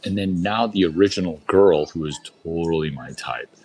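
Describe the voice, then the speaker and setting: A man's voice: deep voice, normal speed, a little mellow, low-quality recording. A man doing crude, boastful stand-up on a club stage, rambling through a story and talking straight to the crowd. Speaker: open-mic performer.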